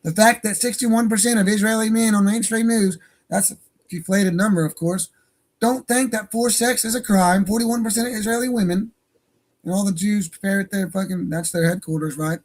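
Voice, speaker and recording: Hosting an online radio stream from his home studio, a man with a high voice speaks at a moderate pace. He rants casually, rambling, heated and profane.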